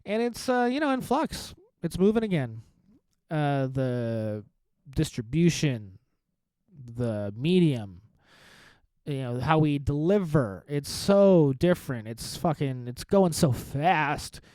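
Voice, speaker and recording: A man's voice: on the high side, big pitch swings, slow, warm tone, clean tone, dry recording. A man in his thirties hosting his own podcast, a stand-up comic talking in a rambling, self-mocking, profane way. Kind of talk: casual solo podcast monologue.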